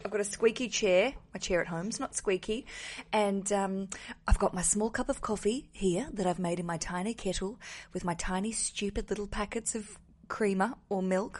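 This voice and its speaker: A woman hosts a wedding podcast on her own from a hotel room, speaking at a middling pitch. Her voice has a slight morning roughness, and she talks in a loose, rambling way. She is cheeky and quick to laugh at herself. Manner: chatty, rambling, cheeky and self-mocking. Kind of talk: casual solo podcast monologue. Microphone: wearing headphones.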